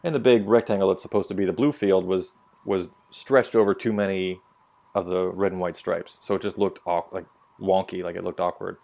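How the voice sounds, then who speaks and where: A man's voice: low-pitched, steady tone, a little fast, vocal fry, darkish tone. A young man telling stories on a casual opinion podcast, blunt and profane. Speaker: podcast co-host.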